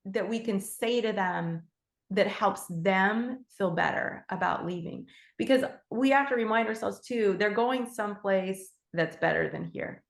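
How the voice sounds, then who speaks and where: A woman teaching animal Reiki in a gentle, heartfelt way, with fillers and restarts. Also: mid-range voice, a little slow, echoey room. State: emotional. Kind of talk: casual spoken teaching.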